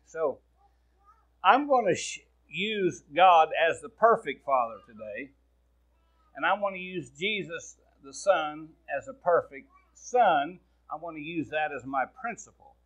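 Folksy Midwestern pastor, slightly high voice. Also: male voice, expressive, a little slow, a bit bright, dull audio. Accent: American Midwest. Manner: folksy, plain-spoken preaching with asides to the congregation. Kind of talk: sermon.

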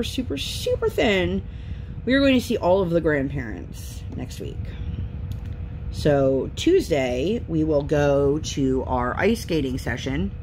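This craft vlogger, a woman in her thirties, talks in a low voice as she crafts at home, meandering through the events of her week. Her storytelling is lively and chatty, over a slight hiss or hum.

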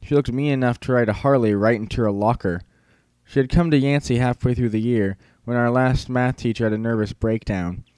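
A man's voice: medium pitch, fairly quick, a little mellow, smooth, no room sound. Man narrating an audiobook. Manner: first-person storytelling, wry.

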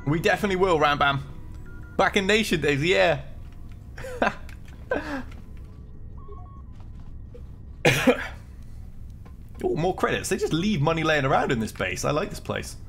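A man's voice: a little high, animated, a little fast, gravelly, fairly bright tone, faint music behind. A man chatting through a live game stream, jittery from coffee, joking and reading game lines aloud. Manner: chatty, jokey, reads game dialogue aloud. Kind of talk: live gameplay commentary.

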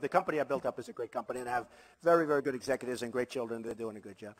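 A political candidate delivers a forceful rally speech, repeating his points and tossing in boastful asides. His voice is medium-pitched with fairly even intonation, and he talks rapid-fire. He's before a crowd in a large venue, and the recording carries the long reverb of a big hall.

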